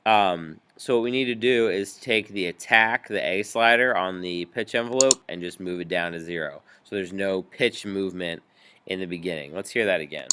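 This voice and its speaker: A man teaching a music software tutorial, explaining each step patiently with frequent ums. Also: deep voice, normal speed, noisy background. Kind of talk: screen-recorded software tutorial.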